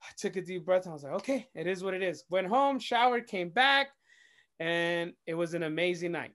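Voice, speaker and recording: A man, a DJ and radio host, telling an animated story in casual chat, swearing freely and acting out quoted dialogue. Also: high-pitched, a little fast. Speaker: DJ and radio host, interview guest.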